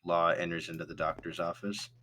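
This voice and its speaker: A man running a tabletop game as game master, narrating in a relaxed way and laughing often. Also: low-pitched, brisk, slight background noise.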